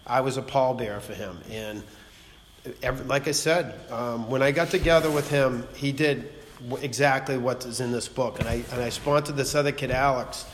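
A man's voice: mid-range voice, normal speed. Blunt man in an echoing hall. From Massachusetts. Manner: blunt, profane, rambling, repeats "you know what I mean". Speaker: speaker at a recovery meeting. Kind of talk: personal testimony to a group. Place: meeting room. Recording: long hall reverb, faint noise.

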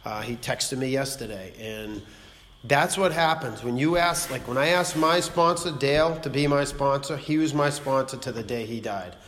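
A man in his fifties speaks at a recovery meeting, blunt and profane, rambling through his story in a middle-pitched voice. The room carries a long hall reverb with a faint hiss of noise underneath. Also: moderate pace, fairly bright tone. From Massachusetts. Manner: blunt, profane, rambling, repeats "you know what I mean". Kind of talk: personal testimony to a group.

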